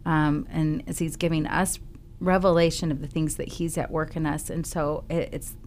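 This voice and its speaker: A woman's voice: sits low, flat delivery, moderate pace, a little mellow, slight background noise. A woman hosting a Christian talk radio show, chatting and telling stories with frequent ums. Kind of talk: casual faith talk on radio. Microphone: studio microphone.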